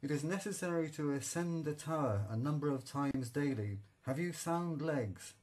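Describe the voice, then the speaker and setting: A man voicing a brisk, kind lighthouse official. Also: on the high side, expressive, a little mellow, pitched above the performer's own voice. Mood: questioning. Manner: brisk, questioning. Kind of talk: audiobook character reading.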